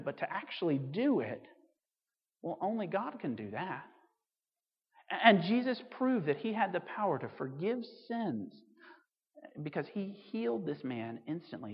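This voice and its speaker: A pastor gives a sermon in a relaxed, storytelling way, dropping in casual asides. His voice carries a long reverb off the hall walls. The sound is somewhat dull and muffled. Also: fairly high pitch. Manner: conversational, animated storytelling with asides.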